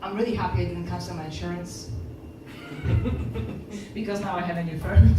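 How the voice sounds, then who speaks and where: A woman's voice: lowish voice, a little slow, music in the background. A woman from Poland with a Polish accent, doing a stand-up comedy set and acting out other people's lines as she tells stories. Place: comedy club stage. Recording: echoey room from far off.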